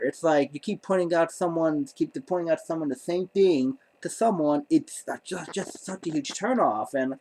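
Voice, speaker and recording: A man's voice: on the high side, normal speed, hardly any pauses, darkish tone. A man telling a story to camera in a rambling, stammering way, full of exasperated disbelief. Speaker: vlogger.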